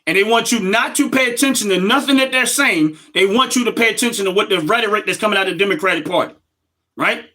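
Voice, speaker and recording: A man's voice: high-pitched, fast, pushed and bright. A middle-aged man, hosting a casual livestream and talking emphatically straight to his viewers. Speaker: livestream host.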